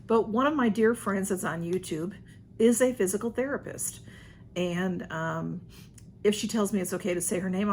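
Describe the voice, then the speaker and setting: A woman's voice: mid-range voice, a little hiss or hum. An older woman, chatting casually to her viewers as a channel host, rambling with frequent laughs and restarts.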